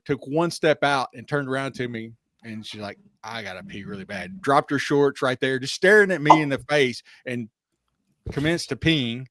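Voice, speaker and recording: A man's voice: mid-range voice, no echo, studio quality. A man co-hosting a casual podcast livestream, an easygoing rideshare driver who tells stories and laughs often.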